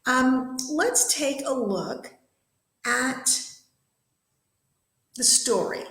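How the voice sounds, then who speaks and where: A woman's voice: high-pitched, expressive, a bit bright. Woman teacher in an echoey classroom. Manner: slow, careful enunciation of vocabulary words. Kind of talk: classroom vocabulary lesson.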